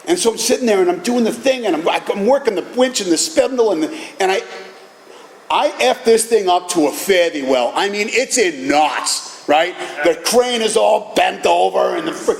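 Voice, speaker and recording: A middle-aged man giving an animated personal talk at a recovery meeting, telling stories with casual profanity. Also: sits high, normal speed, creaky, slight background noise. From Boston area, USA. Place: meeting hall. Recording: echoey hall with faint ambience.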